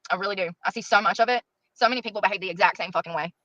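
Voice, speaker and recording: Middle-aged woman complaining fast, bright sharp voice, dull lo-fi clip. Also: mid-range voice, dry recording. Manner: aggrieved, self-pitying. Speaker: clip subject. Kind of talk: ranting to camera.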